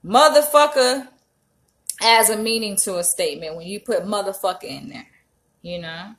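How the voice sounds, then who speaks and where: Woman vlogger, animated and emphatic, casual commentary. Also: fairly low pitch, a little fast. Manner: animated, emphatic, frequent profanity.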